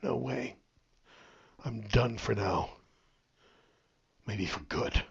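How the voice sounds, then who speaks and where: A man's voice: a little high, lively intonation, slow pace, lo-fi sound. A man voicing a young modern man in a fantasy land, who talks bluntly and casually. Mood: resolute. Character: mortal young man from our world, blunt.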